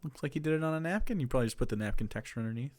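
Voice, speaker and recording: A man's voice: medium pitch, expressive, very fast, darkish tone. A man casually reacting to videos on his stream, loose and profane in his remarks.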